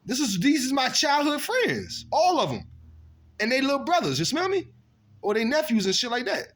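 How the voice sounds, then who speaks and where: A man casually telling stories from his past, animated and profane, acting out what people said. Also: very high voice, moderate pace. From Virginia. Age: adult. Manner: animated, profane street storytelling with acted-out quotes. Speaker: storyteller recounting his past. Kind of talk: casual storytelling monologue.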